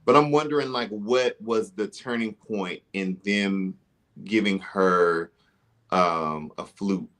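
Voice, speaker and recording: A man co-hosting a casual recap chat, relaxed and giggly with joking remarks. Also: lowish voice, slow. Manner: laid-back, giggly, joking. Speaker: podcast co-host.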